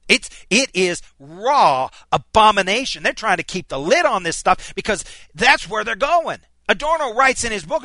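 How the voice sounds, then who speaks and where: A man preaching a sermon, impassioned, swinging from near shouts down to low, quiet asides. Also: no room sound.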